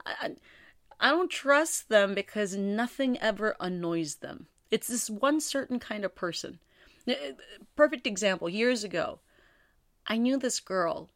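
A woman's voice: medium pitch, expressive, a little slow, fairly bright tone, no echo, clean studio sound. A woman hosting her own podcast, chatting candidly and rambling with self-deprecating humor. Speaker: podcast host. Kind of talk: casual solo podcast chat.

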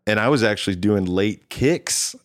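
A man's voice: fairly low pitch, lively intonation, normal speed, dry recording, studio quality. A man, a drummer and guest, telling a rambling story in casual conversation and acting out what people said to him. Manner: rambling, acts out quoted dialogue with restarts.

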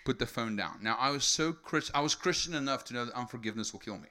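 A man's voice: mid-range voice, quick pace. A young man from South Africa telling his life story as a sermon to an audience, peppering it with "right?" and asking for raised hands. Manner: energetic storytelling with many rhetorical "right?" tags. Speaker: speaker giving testimony. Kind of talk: sermon testimony to a live audience.

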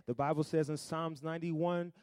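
A man preaching a sermon, calling out to the congregation and swinging from loud declarations to hushed, drawn-out lines. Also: a little high, little pitch movement, smooth, dry recording. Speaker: pastor. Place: church.

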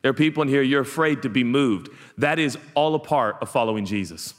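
A man's voice: medium pitch, fairly quick. A man preaching a sermon, telling the story with playful asides and acting out the people in it. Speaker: pastor. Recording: hall reverb.

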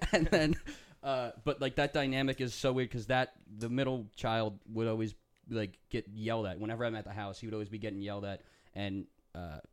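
A man's voice: on the low side, clean tone. Rambling young man telling a story. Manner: rambling, self-interrupting storyteller. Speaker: podcast host. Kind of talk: casual chat.

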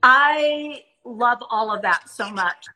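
A middle-aged woman hosting a Christian talk show is enthusiastic and encouraging, reenacting stories for her audience. She speaks a little high and slowly, with a bright, forceful tone, on a rough recording.

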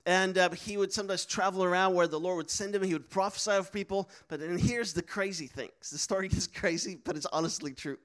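Animated preacher, high voice. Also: male voice, fairly quick, hardly any pauses. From Netherlands. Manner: animated, laughing, acts out quoted voices. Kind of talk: storytelling sermon.

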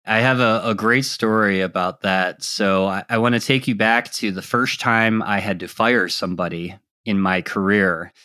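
A man's voice: lowish voice, normal speed, few pauses, pushed and bright, clear, resonant tone, dry recording, studio quality. A man being interviewed, telling an earnest, reflective story from his working life in a conversational way. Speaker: guest, security team leader.

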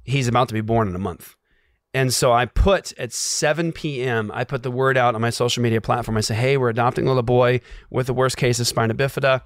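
Guy telling his faith story, acts out the dialogue, goes quiet and hushed at the tense bits, dry close sound. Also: medium pitch, dry recording. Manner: acts out dialogue, drops to a hush at tense moments. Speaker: guest telling a personal story.

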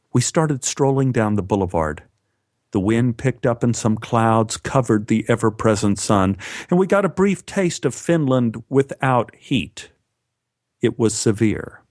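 Dry, close male storyteller. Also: no echo. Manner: animated, lifting his pitch for quoted dialogue. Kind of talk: first-person storytelling.

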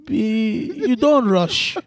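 A man's voice: high voice, expressive, voice pushed up, exaggerated voice. A man putting on a preachy Yoruba uncle. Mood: lecturing. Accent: Yoruba-accented English. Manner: drawn-out "eh" fillers, mixes in Yoruba phrases, lecturing. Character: exaggerated Yoruba man giving advice, preachy, drawling.

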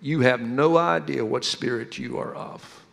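A man preaching, dropping into a lower, quieter, stern voice to quote a solemn male teacher rebuking his followers. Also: moderate pace, long reverb tail, natural voice.

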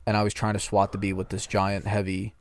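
Low-voiced man telling a rambling story. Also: monotone, brisk, no room sound. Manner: rambling storytelling, frequent swearing. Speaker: podcast co-host. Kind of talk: casual chat.

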